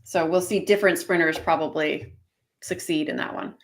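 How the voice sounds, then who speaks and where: A woman's voice: low voice, normal speed, vocal fry. A woman co-hosting casual live commentary on an online cycling race, chatty and explaining tactics with plenty of fillers.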